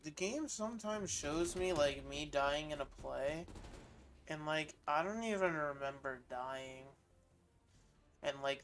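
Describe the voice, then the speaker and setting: A man's voice: fairly high pitch, a bit bright. A man streaming a shooter game, talking to himself in a goofy, sleepy way and swearing freely. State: sleepy, worn out. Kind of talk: casual gaming commentary.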